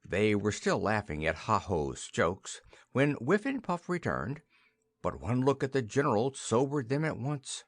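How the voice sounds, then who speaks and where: A man reading a children's fantasy story aloud for English learners, with a lively, expressive delivery. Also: mid-range voice, unhurried, no echo. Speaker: narrator.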